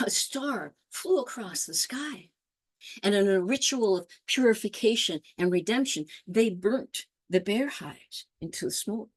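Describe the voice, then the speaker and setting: A woman storyteller telling a folk tale aloud, slipping into Spanish phrases and acting out the characters' lines. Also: medium pitch. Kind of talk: oral storytelling.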